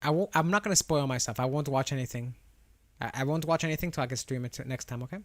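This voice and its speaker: On a dry recording, a young adult streamer talks fast in a mid-range voice, casually rambling with his viewers. He restarts frequently, laughs, and responds to chat, with a slight lisp on R and W.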